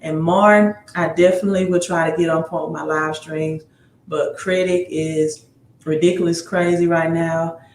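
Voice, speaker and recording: A tired man hosts a casual livestream on credit, calling out viewers by city and reading their comments aloud. His voice sits high for a man. The room around him rings, with a faint hum of ambience behind. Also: fairly even intonation, moderate pace, echoey room. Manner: reads news items aloud, with tag questions. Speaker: livestream host giving credit advice.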